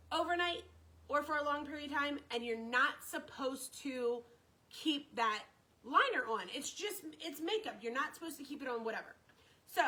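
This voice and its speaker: A woman's voice: high voice, bright, forceful tone, rough recording. A woman telling a story on her live stream, chatty and repetitive, greeting viewers by name as she talks.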